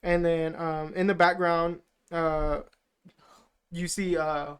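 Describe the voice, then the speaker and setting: A man's voice: fairly high pitch, flat delivery, slow pace, clear, resonant tone. A man co-hosting a podcast, rambling through a casual film recap with lots of fillers and swearing. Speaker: podcast co-host.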